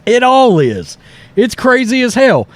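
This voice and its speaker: A man hosting political commentary over news clips, animated and mocking, often mimicking the people he quotes. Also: very high-pitched, unhurried, no echo. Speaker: commentary host.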